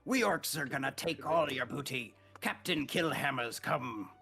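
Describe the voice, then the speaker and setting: A man voicing a loud, foul-mouthed male pirate parrot captain who blusters and curses. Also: medium pitch, animated, unhurried, vocal fry, slightly rough, faint music behind, exaggerated voice. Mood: blustering. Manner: brash, blustering, cursing.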